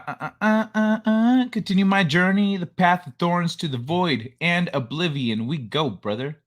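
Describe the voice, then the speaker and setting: A man's voice: on the high side, a bit bright. A man hosting a casual livestream, rambling and joking as he greets viewers by name. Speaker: livestream host.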